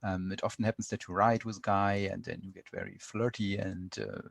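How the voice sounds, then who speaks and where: A man with a German accent, a podcast guest answering questions in casual chat with many pauses and restarts. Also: sits low, flat delivery, creaky. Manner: hesitant, many fillers and restarts.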